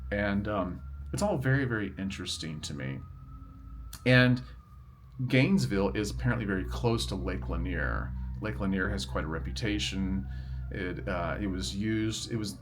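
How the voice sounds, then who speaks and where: A man's voice: low voice, animated, normal speed. A middle-aged man vlogging outdoors near a road, telling stories to the camera in a chatty, rambling, good-humored way. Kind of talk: casual storytelling to camera. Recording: faint traffic noise outdoors. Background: faint traffic noise.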